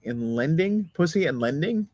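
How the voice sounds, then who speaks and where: A man's voice: fairly high pitch, expressive, moderate pace, noisy background. A man co-hosting a podcast in casual chat, joking dryly and often restarting his sentences. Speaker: podcast co-host.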